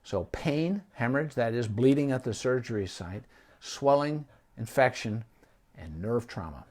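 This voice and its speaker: Relaxed middle-aged man giving pet advice. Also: mid-range voice, a little slow. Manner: conversational, with frequent ums and restarts. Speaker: veterinarian. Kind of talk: unscripted advice talk.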